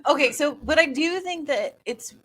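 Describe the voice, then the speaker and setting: A woman's voice: high voice, lively intonation, normal speed, fairly bright tone. A woman co-hosting a podcast, talking casually and searching for words as she goes. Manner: rambling, searches for words, many fillers. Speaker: podcast co-host. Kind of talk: casual chat.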